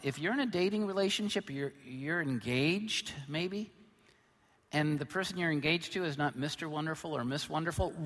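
Animated male pastor in a reverberant hall. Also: fairly high pitch. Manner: humorous, self-deprecating storytelling with sudden loud emphasis. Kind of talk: sermon. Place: large church hall.

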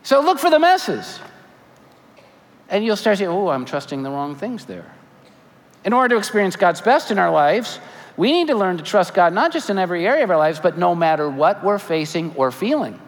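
Animated preaching man in a reverberant hall. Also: sits high, a little fast. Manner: animated, joking asides, drops to soft earnest appeals. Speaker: pastor. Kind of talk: sermon. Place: church sanctuary. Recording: church hall reverb, faint ambience.

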